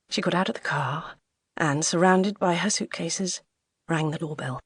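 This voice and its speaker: British woman reading an audiobook, low husky voice, dry close sound. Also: normal speed, no room sound. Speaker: audiobook narrator. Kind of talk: scripted narration.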